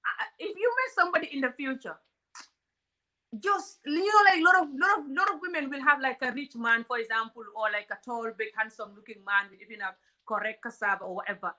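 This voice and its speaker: A woman's voice: a little high, quick pace, sharp tone. A woman from Africa hosting a comedic relationship talk, blunt and outspoken, often laughing. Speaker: host.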